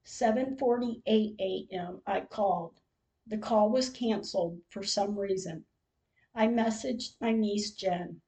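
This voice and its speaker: An older woman tells her own story slowly and carefully, reading it like diary entries. Her voice is mellow and soft-edged, with a warm, unhurried delivery that carries feeling beneath it. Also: mid-range voice, poor audio. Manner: slow, measured storytelling with emotional moments. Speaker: podcast host. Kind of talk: reading a personal diary-style account.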